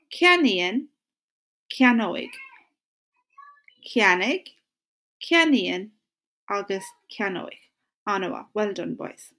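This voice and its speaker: An Irish woman with a fairly high voice teaching a lesson to young pupils. She speaks in an encouraging way and says each phrase slowly so the children can repeat it after her. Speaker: primary school teacher. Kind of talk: recorded classroom lesson.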